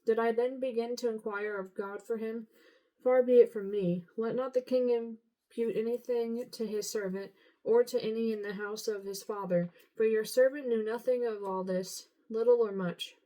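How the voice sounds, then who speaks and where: A woman's voice: fairly high pitch, steady tone, moderate pace, mellow, rough recording. A woman reading scripture aloud in a casual, unpolished way, tripping over hard names. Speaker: Bible reader.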